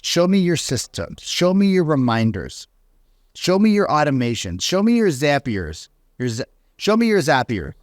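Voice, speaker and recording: Animated coach acting out quoted voices. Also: male voice, mid-range voice, no room sound, clean studio sound. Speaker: real estate coach. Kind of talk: podcast monologue.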